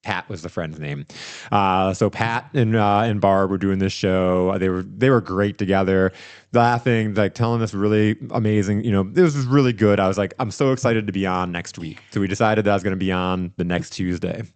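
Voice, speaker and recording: A man hosting a podcast, telling a story in casual chat, animated and rambling with restarts. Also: deep voice, normal speed, clean tone, no echo. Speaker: podcast host.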